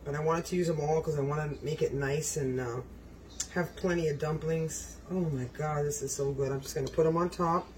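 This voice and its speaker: A man's voice: on the high side, fairly even intonation, a little fast, darkish tone, rough recording. An effusive man with a slightly raised voice gives a casual cooking demonstration in his home kitchen. He speaks directly to his viewers and gushes over each dish. A faint room hum sits behind him. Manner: effusive, exclaims often, talks to viewers. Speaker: home cook vlogger.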